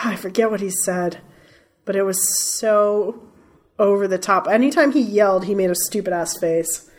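A woman hosting a movie podcast, blunt and cheerful, often laughing. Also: medium pitch. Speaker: podcast host. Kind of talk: casual movie review chat.

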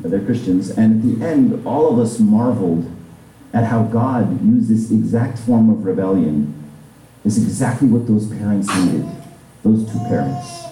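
Male pastor, low and very mellow voice, chatty sermon full of "right?" asides, picked up from a distance in a reverberant church. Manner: conversational preaching with frequent "right?" asides.

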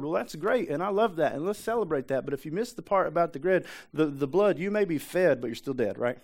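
A man's voice: a little high, lively intonation, a little fast, few pauses, a little mellow. A man, a pastor giving a conversational sermon, who drives points home with repetition and rhetorical questions.

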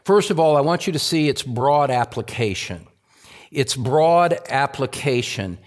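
Delivering a sermon, a male pastor is expressive and unhurried, hammering home key phrases through repetition. He moves from booming crescendos down to hushed, low moments.

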